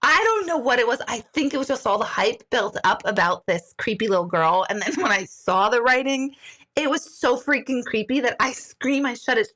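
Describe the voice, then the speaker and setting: Animated woman medium telling a story. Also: on the high side, moderate pace. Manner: animated, laughs often, many fillers like "like" and "right?". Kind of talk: casual storytelling to viewers.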